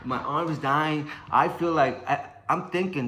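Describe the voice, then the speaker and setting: A man's voice: on the high side, moderate pace, reverberant. A young man telling a story in casual speech, swearing often and acting out sounds and what people said. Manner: swearing, animated, acts out sounds and quotes.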